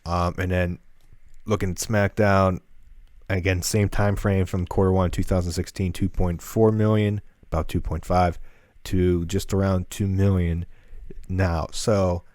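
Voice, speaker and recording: A man's voice: low voice, level tone, a little slow, a little mellow, dry recording, clean studio sound. A man co-hosting a casual podcast, rambling through notes with many fillers and restarts. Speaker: podcast co-host.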